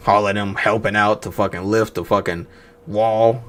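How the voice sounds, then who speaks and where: A man's voice: lowish voice, steady tone, moderate pace, fairly bright tone. A man hosting a livestream, chatting casually with viewers, teasing them and swearing freely. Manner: profane, teasing, rhetorical banter. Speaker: livestream host reacting to movie news.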